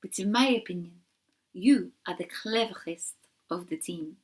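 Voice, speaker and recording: A woman voicing a gentle grown female rabbit with a soft French accent, murmuring in a storybook reading. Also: fairly low pitch, measured pace. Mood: fond. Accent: French (put on). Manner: soft, murmuring, warm toward the bunny.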